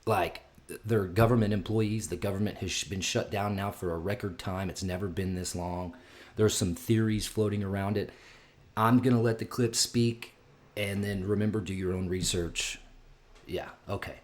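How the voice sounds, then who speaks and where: A man's voice: fairly low pitch, steady tone, normal speed. A man giving casual, rambling reaction commentary on news clips, with frequent restarts and sighs.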